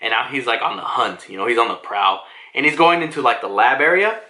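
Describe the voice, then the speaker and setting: A man's voice: medium pitch, lively intonation, fairly quick, pushed and bright. A man giving a casual, rambling manga chapter review, swearing often and packing in fillers. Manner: rambling, profane, heavy on fillers like "like". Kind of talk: casual commentary. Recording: echoey room.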